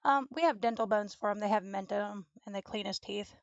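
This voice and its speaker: A young woman chatting casually at home while studying, cooing baby talk to her dog in a creaky voice. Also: medium pitch, fairly quick, no room sound, dull audio. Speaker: streamer. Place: home room with a desk and green screen.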